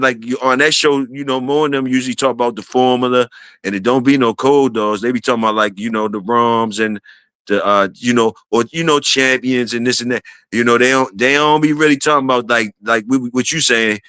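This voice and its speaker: A man hosting a casual livestream, shouting out viewers and repeating his phrases. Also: medium pitch, smooth, no room sound, studio quality. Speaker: livestream host.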